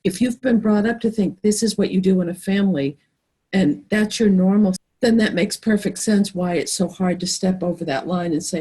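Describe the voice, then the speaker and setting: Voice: mid-range voice, moderate pace, dark tone, husky. A podcast guest speaking earnestly and reflectively from personal experience. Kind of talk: casual conversation.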